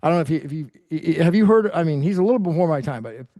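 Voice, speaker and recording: A man from California hosting an interview, enthusiastic and halting, restarting his sentences. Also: fairly high pitch, lively intonation, warm tone, no room sound, studio quality. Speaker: host.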